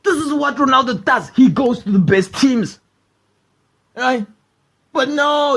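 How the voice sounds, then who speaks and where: A man hosting a comedy podcast, ranting in a loose, animated way and swearing a lot. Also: extremely high pitch, measured pace, creaky, long pauses, breathy edge. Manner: animated, swearing, keeps asking "right?". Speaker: podcast host. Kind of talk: comedy rant.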